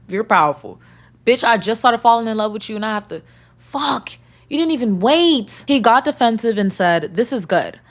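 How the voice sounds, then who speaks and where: A woman hosting a podcast who reads out a listener's story and breaks off into loud, animated reactions. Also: medium pitch. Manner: animated, swings between reading and loud outbursts. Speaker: podcast host. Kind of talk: reading a listener submission and reacting.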